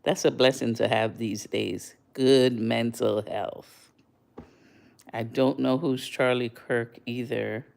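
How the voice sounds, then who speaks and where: An older woman from Jamaica telling a story to her livestream viewers in a casual, animated way, her voice jumping high when she is surprised. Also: takes it slowly, creaky. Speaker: livestream host.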